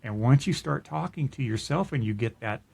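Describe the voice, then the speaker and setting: A middle-aged man speaking at a mid pitch, neither high nor low. He talks in an earnest, reflective way and tells his personal story as casual podcast chat, often restarting a thought. His voice is plain and steady. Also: normal speed, creaky, husky. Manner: earnest, reflective, with frequent restarts and soft laughs. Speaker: podcast co-host.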